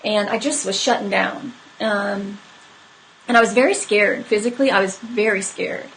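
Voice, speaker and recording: A woman's voice: mid-range voice, fairly even intonation, normal speed, a bit bright, slight background noise, poor audio. A woman telling a personal story to live viewers in a candid, conversational way, with many fillers. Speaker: horse trainer hosting a live stream.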